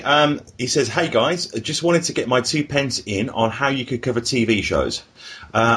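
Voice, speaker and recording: A man's voice: lowish voice, husky. A man hosting a podcast, joking irreverently and reading out listener emails. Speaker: podcast host. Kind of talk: casual podcast chat.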